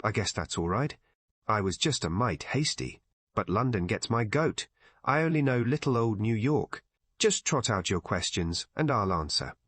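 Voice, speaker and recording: A man's voice: fairly low pitch, expressive, moderate pace, a bit bright, dry recording. Man doing a blunt American man. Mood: explaining. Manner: blunt, abrupt speech. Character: pugnacious American man of thirty-five, blunt.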